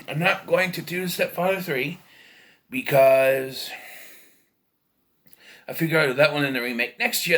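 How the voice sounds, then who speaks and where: Rambling bright-voiced man reviewing films. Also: a little high. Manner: rambling, hesitant, self-correcting. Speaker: movie reviewer. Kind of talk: casual video review.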